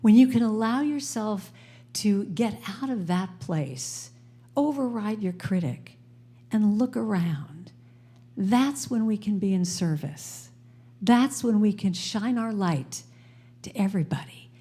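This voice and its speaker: Animated American woman telling a story. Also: mid-range voice, slow, breathy edge. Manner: animated, acts out voices in her story. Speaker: guest speaker at a spiritual center. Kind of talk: storytelling sermon. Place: church sanctuary before a live congregation.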